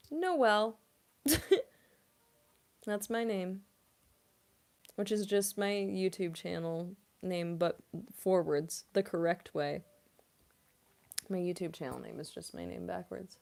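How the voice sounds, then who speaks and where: A woman's voice: fairly low pitch, slow pace, creaky, long pauses, a little mellow. A young adult woman, a voice actress, chatting casually on a live-stream Q&A, giggly and full of "like" fillers.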